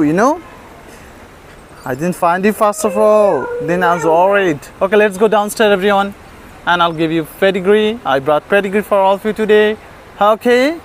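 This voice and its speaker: A man vlogging as he feeds stray dogs outside, coaxing them with affectionate baby talk and frequent laughs. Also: sits high. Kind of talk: casual vlog talk to dogs. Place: outdoors, terrace and stairs in a city. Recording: noisy outdoor street recording.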